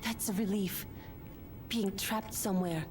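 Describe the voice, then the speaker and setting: An actress voicing a gentle young woman survivor in a video game, speaking softly. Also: mid-range voice, fairly even intonation, a little slow, close to an everyday voice. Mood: relieved. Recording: game audio over music.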